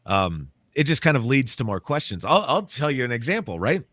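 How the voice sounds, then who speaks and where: A man, a paranormal author and interview guest, telling a story in a casual, animated way and acting out the quotes. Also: medium pitch, a little fast, no echo. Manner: animated, acts out quotes, laughs often.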